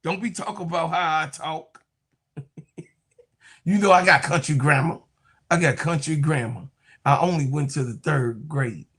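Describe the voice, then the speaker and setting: A man's voice: on the high side, moderate pace, long pauses, fairly bright tone, breathy edge. A young man with a Chicago accent hosting a casual sports talk stream, trash-talking and laughing often. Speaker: sports commentary host.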